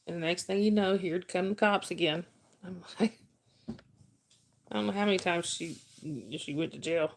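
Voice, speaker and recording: A woman's voice: lowish voice, steady tone, normal speed, long pauses, a little hiss or hum. A middle-aged woman hosting a casual livestream, telling rambling stories and reading chat names aloud.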